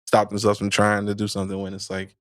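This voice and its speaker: A man's voice: lowish voice, completely flat delivery, fast, dry recording, studio quality. A man who is a podcast guest, giving loose, casual advice with many fillers and restarts.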